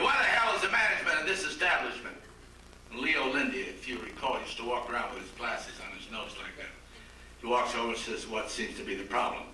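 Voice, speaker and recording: An older man from Ohio tells stand-up jokes at a banquet with a dry, punchline-driven delivery. His voice is caught from a distance in a big, echoing hall. There is noticeable noise throughout. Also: mid-range voice. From Akron, Ohio. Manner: dry joke-telling with quoted voices. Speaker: comedian at a roast dinner. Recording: echoey banquet hall from far off, noisy.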